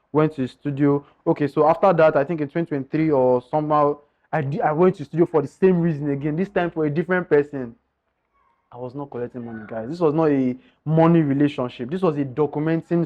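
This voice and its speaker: Earnest man, lo-fi sound. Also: a little high. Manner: earnest, often addresses listeners as guys. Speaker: guest telling his story. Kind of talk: candid personal storytelling. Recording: slightly dull lo-fi sound.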